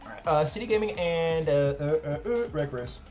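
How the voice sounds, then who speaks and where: A man's voice: on the high side, expressive, moderate pace, a little mellow, soft background music. Rambling man hosting a chess stream. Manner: rambling, heavy use of "like" fillers; joking, self-deprecating. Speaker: chess tournament streamer and host. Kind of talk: casual live-stream chat.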